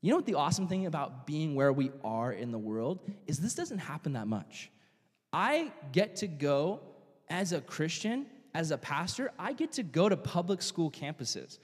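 A young man preaching a youth sermon as pastor, telling stories with animated acted-out voices. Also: fairly high pitch, normal speed, husky. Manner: animated storytelling, acting out quoted voices. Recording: long reverb of a church hall.

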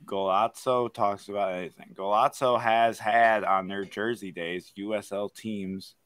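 Bright-voiced opinionated man chatting sports. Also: on the low side, fairly even intonation, a little slow, no room sound. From Kentucky. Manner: opinionated, emphatic, many "like" fillers. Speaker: podcast co-host. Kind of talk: casual sports chat.

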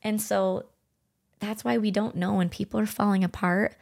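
A middle-aged woman co-hosting a podcast, speaking gently and earnestly as she reflects on her own experiences. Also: medium pitch, steady tone, brisk, creaky. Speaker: podcast co-host. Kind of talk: heartfelt conversational podcast talk.

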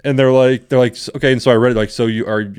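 A man's voice: mid-range voice, steady tone, rapid-fire, a little mellow, smooth. A young man co-hosting a podcast, telling long rambling stories in casual chat and laughing often. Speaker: podcast co-host.

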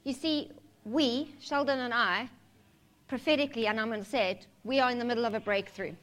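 A woman's voice: on the high side, a little fast, fairly bright tone. A woman preaching a sermon in a candid, conversational way, mixing humor with scripture.

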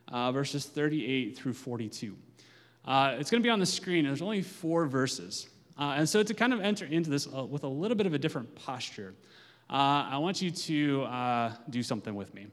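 A man preaching as a pastor, talking in a relaxed, conversational way with many "uh" fillers, then reading scripture and praying. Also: medium pitch. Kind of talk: sermon with scripture reading and prayer. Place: church sanctuary. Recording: long hall reverb.

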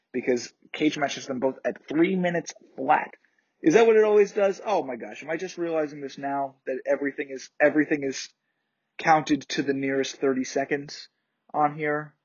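A man's voice: medium pitch, husky, dull audio. A man hosting a podcast, recapping wrestling shows in a rambling, opinionated solo chat with many restarts. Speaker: podcast host.

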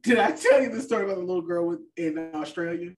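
A woman's voice: lowish voice, lively intonation, fast talker, darkish tone, far from the mic. Chatty woman podcast co-host. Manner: chatty, trails off with fillers. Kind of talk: casual chat.

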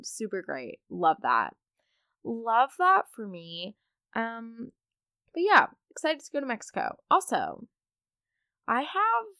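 A woman's voice: mid-range voice, pushed and bright, dry recording, studio quality. A teenage girl hosting her own podcast, chatting casually and rambling on with self-mocking asides. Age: late teens. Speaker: podcast host. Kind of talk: casual solo podcast chat.

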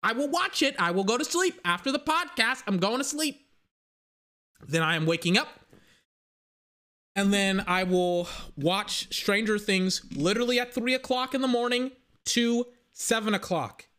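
A young man hosting a casual solo podcast, rambling excitedly and swearing casually. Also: sits high, moderate pace. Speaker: podcast host.

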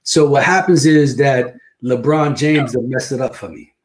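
A man's voice: mid-range voice, normal speed. A middle-aged man from New Jersey, a guest imam, telling stories in an easygoing way and dropping in Arabic phrases. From New Jersey, USA. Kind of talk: casual interview talk.

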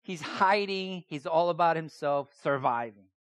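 A man's voice: a little high, a little slow, no room sound, studio quality. A man preaching a sermon, emphatic and repeating key phrases, often putting rhetorical questions to his listeners. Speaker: pastor.

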